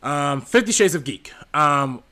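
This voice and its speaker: Bright-voiced man reading viewer donations. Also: on the high side, expressive, a little slow. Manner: reads messages with many ums, laughs easily. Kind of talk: casual live-stream panel chat.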